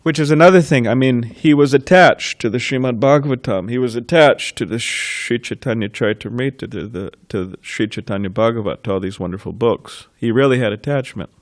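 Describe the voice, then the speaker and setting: A man giving a temple scripture class, telling stories in an informal way and laughing softly between thoughts. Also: medium pitch, fairly quick, few pauses, no room sound, clean studio sound. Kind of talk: reminiscing temple class talk.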